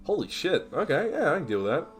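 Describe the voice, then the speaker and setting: A man's voice: a little high, very animated, fast, over music. A man narrating as game master of a streamed tabletop game, casual and laughing easily.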